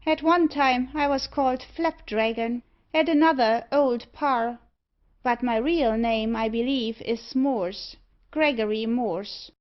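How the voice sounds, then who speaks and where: A woman voicing a meek, strange little old man who answers mildly and quietly. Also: on the high side, slow, voice pushed up. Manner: mild and quiet. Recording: slightly dull audio.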